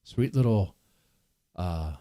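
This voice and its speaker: A man's voice: deep voice, expressive, takes it slowly, warm tone. A man hosting a livestream in casual chat, rambling and teasing his guests with a mocking edge. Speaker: livestream host.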